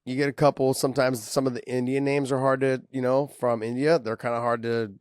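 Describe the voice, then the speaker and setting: Man, podcast co-host, laughs easily, loose and profane, thinks out loud, dry sound. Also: mid-range voice, little pitch movement, fairly quick, dry recording. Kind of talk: casual MMA podcast chat.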